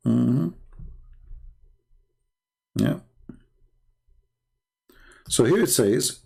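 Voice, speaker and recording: Sarcastic and mocking, this Arab-world live-stream host speaks accented English learned after his native Arabic, with many fillers and restarts. His voice is fairly low, gravelly and darkish, with lively intonation, a slightly slow pace and long pauses.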